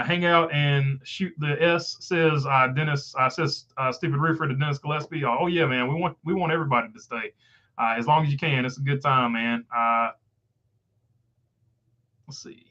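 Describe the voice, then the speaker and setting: A man's voice: mid-range voice, bright, forceful tone, highs cut off. A man with a Southern country accent hosting a casual live stream, reading viewer comments with lots of "uh" fillers. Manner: filler-heavy, rambling, frequent uh.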